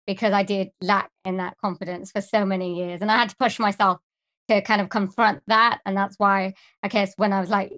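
A woman talks as a guest in a relaxed interview, her voice big and projecting. She speaks in a chatty, warm way and laughs easily, with her pitch in the middle of the female range. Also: brisk. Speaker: interview guest, singer and presenter. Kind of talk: casual interview chat.

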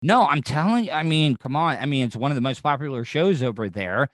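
A man hosts a casual radio interview, rambling along with a jokey, stammering flow. His voice sits in the middle of the male pitch range and is recorded dry and close, with no room sound around it. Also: expressive, brisk, no room sound.

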